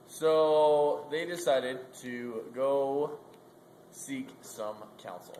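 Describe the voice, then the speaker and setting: A man's voice: medium pitch, extremely slow, a little mellow, slight background noise. A young man casually telling a comic story, rambling with lots of "like" and "um". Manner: rambling, full of "like" and "um". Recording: roomy echo, faint ambience.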